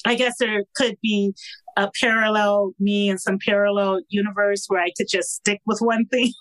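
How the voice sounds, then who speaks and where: A woman's voice: medium pitch, fairly even intonation, moderate pace, no room sound, low-quality recording. Chatty woman author guest, laughs often, dry close sound. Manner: chatty, laughing, many fillers. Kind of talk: casual podcast interview.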